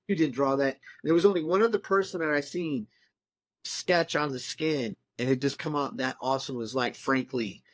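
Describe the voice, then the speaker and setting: Tattoo guy on a remote call, swears a ton, animated stories, dry sound. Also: mid-range voice, moderate pace, no echo. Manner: profane, animated storytelling. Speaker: tattoo artist. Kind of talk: remote casual conversation. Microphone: remote call mic.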